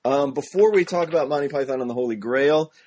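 A man hosting a casual film podcast with a husky, slightly rough voice. He sounds upbeat and playful, teasing his co-host and running through plugs at a brisk clip. His pitch sits in an ordinary middle range. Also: a little mellow. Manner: upbeat and jokey, rattling off plugs.

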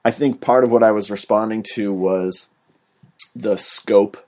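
A man co-hosting a podcast, reviewing a film in a relaxed, rambling way, with many fillers. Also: on the low side, a little slow. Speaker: podcast co-host. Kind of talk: casual movie review chat.

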